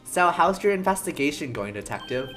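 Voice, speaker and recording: An earnest young game lawyer, as a woman reads him out, polite and a little nervous, tripping over a word now and then. The voice sits very low and plain. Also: sing-song, a little fast, a bit bright, soft background music. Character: earnest young male defense attorney.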